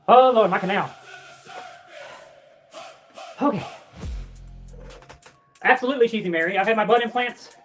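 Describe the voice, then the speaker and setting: A woman's voice: mid-range voice, moderate pace, long pauses, some chatter behind. Out-of-breath woman livestreamer, blunt and profane, faint music underneath. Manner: blunt and profane, reading and answering viewer comments. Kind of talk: casual livestream chat.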